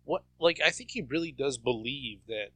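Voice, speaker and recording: A man's voice: mid-range voice, animated, normal speed, a bit bright, no room sound. A man co-hosting a casual podcast, telling crude, mocking stories. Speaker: podcast co-host. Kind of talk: casual chat.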